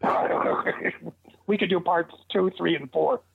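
A man's voice: a little high, takes it slowly, vocal fry, slight background noise. An older man telling long, rambling stories as an interview guest, with restarts along the way. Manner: rambling, animated anecdotes with restarts. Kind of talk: casual storytelling. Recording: tinny dry phone line.

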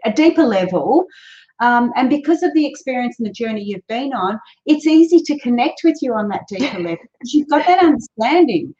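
A woman's voice: a little high, expressive, a little fast, dark tone. A woman raised in Australia hosting a podcast in casual chat, chatty and often restarting her words. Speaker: podcast host. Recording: dull lo-fi sound.

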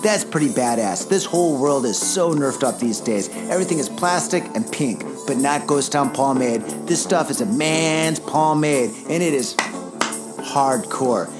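A man's voice: mid-range voice, animated, a little slow. A man reading a brash, boastful ad. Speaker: ad reader. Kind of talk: spoken ad read. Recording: voice over loud music.

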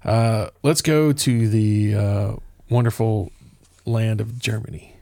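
A man's voice: on the low side, slow pace, vocal fry, warm tone, no room sound. A man co-hosting a casual podcast, explaining at length with hesitant fillers. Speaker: podcast co-host.

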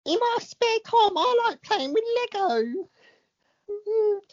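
A woman doing a comic impression of a gentle, soft-spoken famous male footballer, pitching her voice very high. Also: lively intonation, takes it slowly, dull audio, full character voice. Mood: dreamy.

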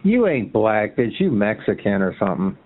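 A man's voice: very animated, normal speed. A man calling into a chat line, trading insults and taunts in a heated argument. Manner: taunting, mocking, swinging into a shrill sneer. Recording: tinny phone line.

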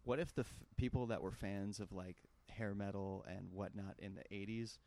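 A man's voice: on the low side, moderate pace. A male podcast co-host and musician chatting casually, poking fun at himself. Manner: self-mocking, animated. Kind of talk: casual chat.

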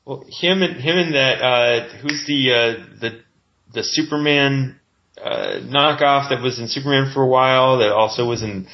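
A man co-hosting a podcast, chatting casually about comics in a rambling, halting way with many restarts. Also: mid-range voice, muffled recording. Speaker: podcast co-host. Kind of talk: casual chat.

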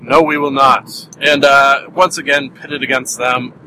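A man's voice: mid-range voice, steady tone, a little slow, bright, forceful tone, a little hiss or hum, poor audio. A Canadian man hosting a podcast, rambling through a solo review chat and laughing at his own jokes. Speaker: podcast host.

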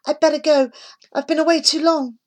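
A woman's voice: high voice, flat delivery, fairly quick, pitched above the performer's own voice, natural voice. A woman voicing a bold, cheerful girl. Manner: bright, confident.

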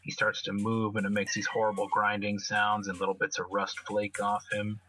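A man's voice: on the low side, completely flat delivery, normal speed, pushed and bright, slight background noise, poor audio. A man casually describing his characters' actions in a tabletop role-playing game, rambling and swearing a little. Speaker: player. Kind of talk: tabletop role-play narration.

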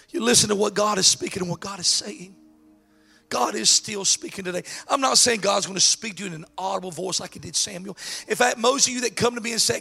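High-voiced male pastor, bright raspy tone, shouts his sermon with jokey asides. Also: fairly quick, faint music behind.

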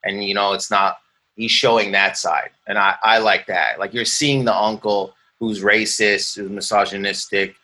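Canadian guy chatting in an interview, lowish bright voice, tells stories, acts out bits. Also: moderate pace. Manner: animated storyteller, acts out quoted exchanges, laughs often. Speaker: actor guest. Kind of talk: casual interview talk.

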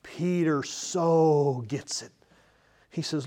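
A male pastor delivering an expository sermon from the pulpit, earnest and emphatic, moving between loud and soft. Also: mid-range voice, moderate pace. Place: church, speaking from the pulpit.

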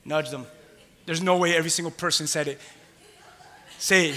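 A passionate male pastor delivering a sermon in a bright, forceful, slightly high voice. He drops to near-hushed intimacy, then builds to loud, rhythmic calls, repeating his phrases and urging the congregation to answer back. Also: fairly even intonation, normal speed.

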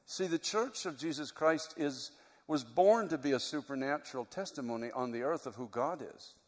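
A man's voice: a little high, normal speed. A middle-aged man preaching a sermon as a pastor, telling a story in an earnest, emotional way. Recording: long hall reverb.

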